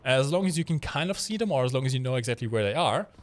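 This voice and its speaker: A man's voice: medium pitch, lively intonation, fast. A man casually co-hosting a game stream, explaining mechanics while he plays and cracking dry jokes. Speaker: stream co-host playing the game. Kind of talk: casual gameplay commentary.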